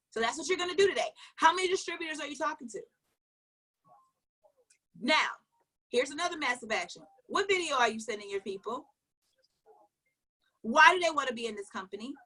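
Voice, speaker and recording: A woman with a high, bright voice gives a motivational coaching talk. She talks emphatically, fires question after question, and repeats her points. Now and then she drops into low asides. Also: husky. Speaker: network marketing coach.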